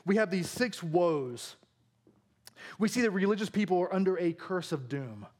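A man preaching a sermon as a pastor, telling stories in an animated, humorous way. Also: high voice, normal speed.

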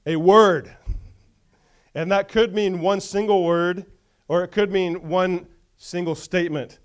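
A man's voice: high-pitched, steady tone, takes it slowly, clear, resonant tone. A male pastor preaching a conversational sermon, often checking in with the congregation.

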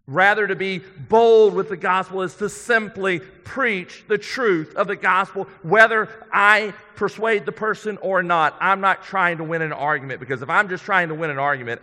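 A male pastor preaching a sermon in a church, earnest and conversational, building to emphatic points and dropping to quiet ones. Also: high-pitched. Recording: long hall reverb.

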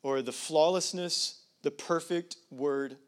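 A man's voice: on the high side, takes it slowly. A man preaching a sermon as pastor, talking casually with digressions and leaning hard on statistics. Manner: conversational, digressing, emphatic on numbers.

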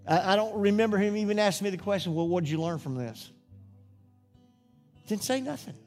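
A middle-aged preacher with a high, light voice tells a homey story from the pulpit and builds into earnest, fervent preaching. Faint music plays softly beneath him. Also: male voice, fairly quick. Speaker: pastor. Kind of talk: sermon with personal story.

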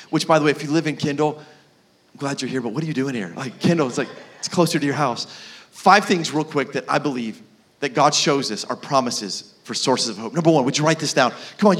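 A man preaching a sermon as pastor, casual and animated, with lots of fillers while telling stories. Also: a little high. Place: church.

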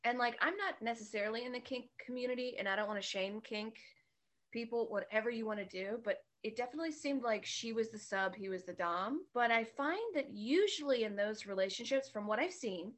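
Woman bartender, casual podcast chat, fairly high voice, candid and animated, laughs often. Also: fairly quick. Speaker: guest, bartender.

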